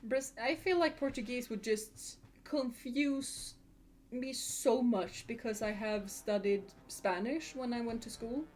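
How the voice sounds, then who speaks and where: A woman's voice: on the high side, takes it slowly, darkish tone, slight background noise. A woman from Sweden, streaming a game in casual chat, giggling often and answering comments from chat.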